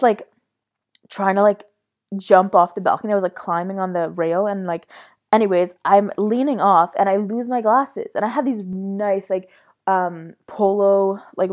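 Young woman host, casual rambling storyteller, mid-pitched, swears a lot. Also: a little mellow. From Canada. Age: young adult. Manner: rambling, swearing, frequent fillers. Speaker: podcast host.

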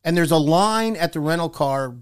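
A man co-hosting a radio talk show, telling a wry, animated story in casual chat. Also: on the high side, normal speed, clear, resonant tone.

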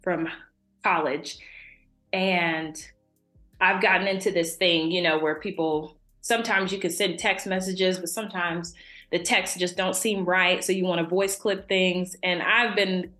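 A young adult woman, a podcast guest, talking casually and warmly about faith and laughing often. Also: fairly low pitch, fairly even intonation, measured pace, echoey room, soft background music. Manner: warm, chatty, laughs often.

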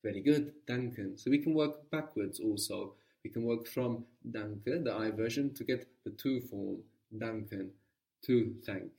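A man teaching a guided language lesson, patiently prompting and repeating answers slowly. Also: on the low side, creaky, dark tone, distant mic.

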